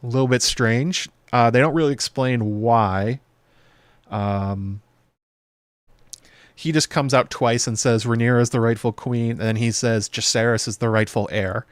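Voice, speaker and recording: A man's voice: mid-range voice, steady tone, dry recording. Chatty man doing a dry casual breakdown. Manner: chatty, loose, with many fillers and quick playful impressions. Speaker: video show host. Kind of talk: casual episode breakdown commentary.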